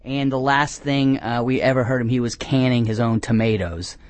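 A man hosting a comedy call-in radio show, speaking at a middling pitch. He rambles in a deadpan way from one absurd tangent to the next. He often restarts his sentences and makes fun of himself. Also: normal speed, no echo. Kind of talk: rambling comic monologue.

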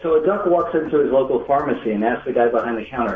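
A man's voice: medium pitch, quick pace, hardly any pauses, echoey room. A man from Long Island calling a radio show to tell a joke, chatty. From Long Island, USA. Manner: chatty, laughs at own joke. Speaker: caller. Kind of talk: telling a joke on a phone-in show. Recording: phone line with show music behind.

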